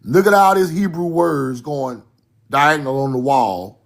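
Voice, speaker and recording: Slow, emphatic man lecturing over slides. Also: fairly high pitch, vocal fry. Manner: emphatic, repeats points, directs slides.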